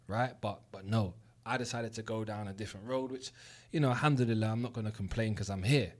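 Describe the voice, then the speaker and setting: A man's voice: on the low side, quick pace. Candid young London man telling a story. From South West London. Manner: candid, swears freely, earnest. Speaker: host. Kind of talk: motivational storytelling monologue.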